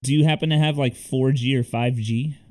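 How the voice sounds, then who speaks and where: A man's voice: mid-range voice, fairly even intonation, moderate pace, a little mellow. A man co-hosting a video-call chat, helpfully talking a guest through connection problems. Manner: helpful, explaining tech troubles. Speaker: co-host.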